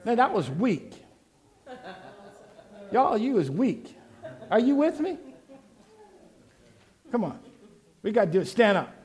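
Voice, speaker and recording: A pastor preaching, leading the congregation in call and response and shouting out his refrains. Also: sits high, sing-song, slow, long pauses, slightly rough. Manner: exhorting, shouting refrains, laughing asides.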